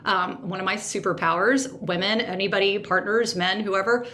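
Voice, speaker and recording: A woman hosting a podcast, telling a personal story in an animated, emotional way and second-guessing herself aloud. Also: mid-range voice, normal speed, slight background noise. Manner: emotional, sensitive. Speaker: podcast host.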